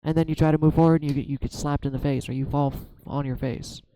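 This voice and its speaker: A man doing a solo tarot reading, talking slowly through his own fears and frustration with many restarts. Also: fairly high pitch, fairly even intonation, mellow, dry recording, poor audio. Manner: halting, self-searching, many restarts. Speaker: tarot reader. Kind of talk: reflective solo tarot vlog.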